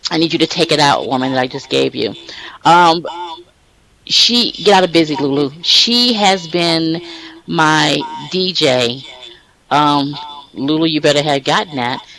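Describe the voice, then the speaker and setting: A man hosting a casual talk show with a raised, bright tone and a gravelly rasp running through it. He rambles warmly, repeats himself and restarts sentences as he speaks straight to his audience. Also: on the high side, a little slow, low-quality recording. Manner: rambling, heartfelt, frequent restarts. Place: online virtual-world voice chat.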